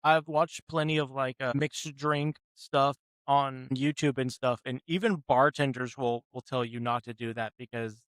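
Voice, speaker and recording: A man's voice: mid-range voice, fairly even intonation, measured pace, hardly any pauses, a bit bright, clean tone, dry recording. A man running a tabletop game as game master, talking in a rambling, hesitant way with lots of fillers.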